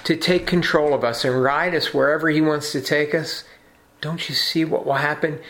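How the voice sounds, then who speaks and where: A man's voice: mid-range voice, a bit bright. A man preaching a sermon in an earnest, emphatic way, asking rhetorical questions. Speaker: pastor.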